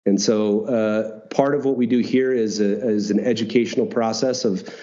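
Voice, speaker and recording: A man telling a personal story as an interview guest, animated, swearing now and then and acting out dialogue. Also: on the low side, moderate pace, lo-fi sound. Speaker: guest, retreat founder.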